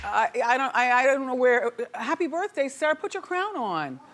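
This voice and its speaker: A woman hosting a gossip talk show, chatty and playful with loud exclamations, in a studio with a live audience. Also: on the high side, sing-song, moderate pace, music in the background. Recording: noisy studio with crowd. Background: audience laughter and cheers.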